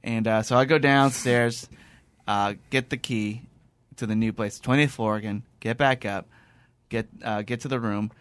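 A man hosting a podcast, telling a story in a casual, animated way, laughing and acting out his phone calls. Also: medium pitch, moderate pace, clean tone, no room sound. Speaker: podcast host.

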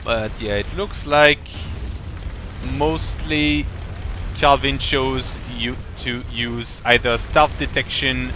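A man's voice: medium pitch, fairly even intonation, slow pace, few pauses, bright, forceful tone, slight background noise. A man commentating a strategy game live, explaining in a rambling, playful way with many fillers and restarts. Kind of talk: casual live-stream commentary.

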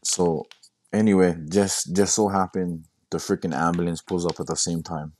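Young guy, super deep voice, telling his story, stumbles and repeats a lot. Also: flat delivery, a little mellow. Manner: halting, repeats words, quotes himself. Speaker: guest sharing his story. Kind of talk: casual storytelling.

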